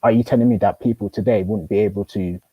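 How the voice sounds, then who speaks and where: A man's voice: on the low side, fairly even intonation, fast talker, breathy edge, no room sound, highs cut off. A man arguing in a casual debate, probing with questions and stumbling through many restarts. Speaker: host.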